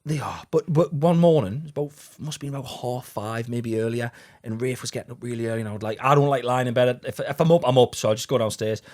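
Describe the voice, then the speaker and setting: Fast-talking man, podcast co-host. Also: medium pitch, a little mellow. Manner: quick, swearing, playful storyteller. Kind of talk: casual chat.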